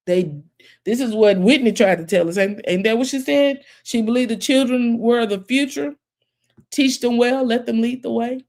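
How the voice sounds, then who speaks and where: A woman's voice: fairly high pitch, vocal fry. A woman, talking casually to her viewers, preachy and folksy, who keeps calling them baby. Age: 40s. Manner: preachy, animated, folksy, calls listeners baby. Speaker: commentary channel host. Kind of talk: casual commentary with storytelling.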